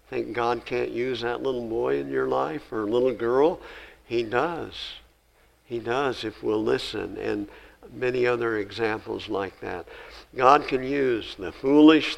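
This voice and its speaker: A man delivers a sermon in a middle-pitched voice. He reads the old scripture with rising, emphatic force. Between readings he talks to his listeners in a plain, quiet, conversational way. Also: vocal fry, low-quality recording. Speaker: pastor.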